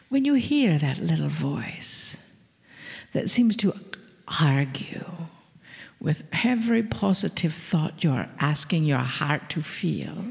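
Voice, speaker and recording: A woman channeling a group of gentle, teasing spirit beings who speak as "we", in a slow, half-whispered spiritual talk to a live audience. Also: on the low side, gravelly, exaggerated voice. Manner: slow, drawn-out, half-whispered, playful chuckles. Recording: long reverb of a large hall.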